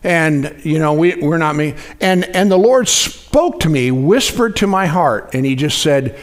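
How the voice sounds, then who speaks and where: A man's voice: a little high, sing-song, a little slow, few pauses. A man in his sixties preaching a conversational sermon, often restarting phrases and asking the congregation questions. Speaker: pastor.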